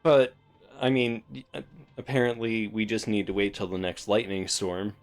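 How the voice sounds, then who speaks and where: A man streaming a reaction, swearing and swinging from loud outbursts to low mutters. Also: flat delivery, moderate pace. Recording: faint background music.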